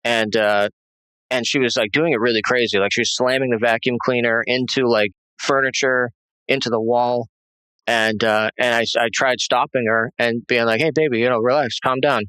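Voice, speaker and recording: A man giving a halting, rambling personal testimony as an interview guest, full of fillers and restarts. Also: medium pitch, little pitch movement, bright, forceful tone, clear, resonant tone, no room sound, poor audio.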